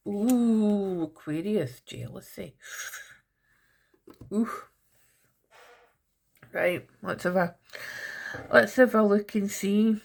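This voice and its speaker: Woman, tarot reader, gravelly fry, casual and teasing, talks straight to viewers. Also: on the low side, slight background noise. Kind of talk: casual tarot reading to camera.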